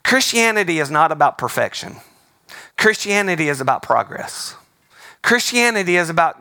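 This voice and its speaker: A man's voice: a little high, sing-song, moderate pace, vocal fry, sharp tone, dry recording. A man preaching as a pastor, conversational and emphatic, repeating his key words. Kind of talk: sermon.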